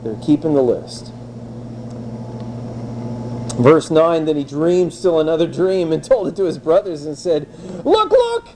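A man preaching an expository sermon in a lively, conversational way, with wry, blunt asides. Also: fairly high pitch, unhurried, long pauses, a little hiss or hum, low-quality recording.

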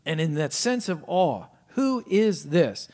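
A male pastor with a somewhat high voice delivers a sermon. He peppers it with rhetorical questions and drops from ringing emphasis to near-whispered, low remarks. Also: very animated, slow pace. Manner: swings from loud emphasis to hushed, low asides; asks many rhetorical questions.

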